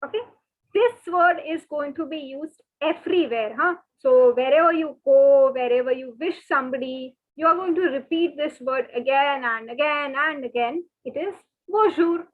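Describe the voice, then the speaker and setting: A woman teaching French in an online lesson, patiently repeating each word slowly and often. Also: high-pitched. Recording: thin phone-like webinar audio.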